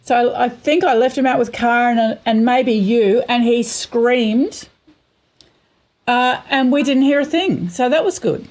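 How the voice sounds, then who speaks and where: Aussie lady host, rambly and chatty, kinda high voice. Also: unhurried, a little mellow. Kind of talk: casual chat.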